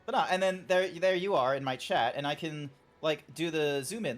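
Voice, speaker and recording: A man's voice: on the high side, normal speed, hardly any pauses. A young man streaming a game, chatting casually with his viewers in a rambling, joking way, swearing now and then. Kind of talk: casual gameplay streaming chat.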